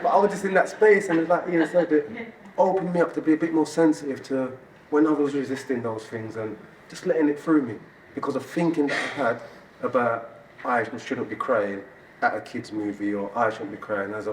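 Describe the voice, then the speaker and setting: A man sharing a personal story on stage at an event, animated and laughing as he talks. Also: mid-range voice, moderate pace. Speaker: event speaker. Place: event hall. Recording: roomy hall audio from a distance, audience noise.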